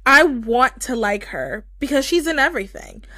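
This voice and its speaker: A woman's voice: sits high, very animated, normal speed, bright, forceful tone, no room sound. A young woman co-hosting a podcast, gushing in casual chat with lots of fillers. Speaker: podcast co-host.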